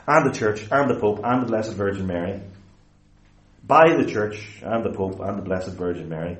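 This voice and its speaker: A man preaching a theological lecture-sermon, emphatic and deliberate, stretching key words and correcting himself as he explains. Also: fairly low pitch, expressive. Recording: roomy echoey hall.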